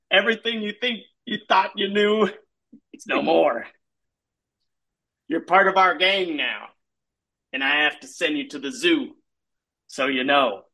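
Man doing a deadpan cowboy gang leader for a comic story; cryptic, unbothered, slightly high, unhurried. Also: heavily acted. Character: odd older cowboy-like male gang leader.

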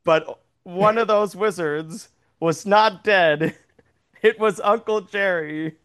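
A man's voice: sits high, takes it slowly, fairly bright tone, clear, resonant tone. A man improvising a goofy story as a game host, laughing often and rambling with fillers. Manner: giggly, rambling, puts on silly voices.

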